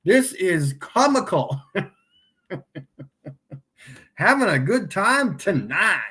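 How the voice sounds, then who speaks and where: A man hosting a casual livestream, mocking his viewers and laughing often as he repeats his points slowly for emphasis. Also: sits high, big pitch swings, sharp tone. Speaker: livestream host.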